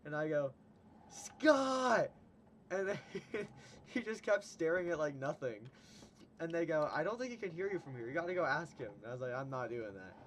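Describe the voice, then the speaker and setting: A man's voice: fairly high pitch, expressive, quick pace, a little hiss or hum. Chatty young man on a livestream. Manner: chatty, laughs often, retells stories. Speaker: stream host. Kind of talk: casual livestream chat.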